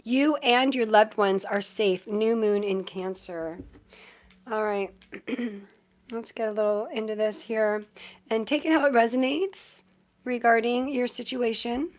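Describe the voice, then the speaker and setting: An unhurried woman with a fairly high voice does tarot readings on a live stream. She talks casually with viewers, uses many fillers, and often offers thanks.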